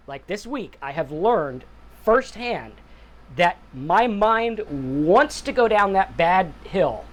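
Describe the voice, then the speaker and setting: A man in his forties, host of a sobriety channel, talking in an earnest, rambling monologue and often checking in with a "right?". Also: high voice. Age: 40s. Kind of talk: casual reflective monologue.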